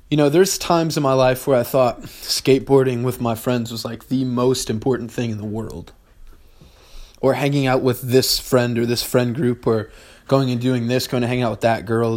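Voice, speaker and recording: A young man talks through big ideas in a loose, rambling podcast monologue. He swears freely and flares into exasperation, then settles back into musing at a mid-range pitch. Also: darkish tone. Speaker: podcast host. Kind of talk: casual philosophical monologue.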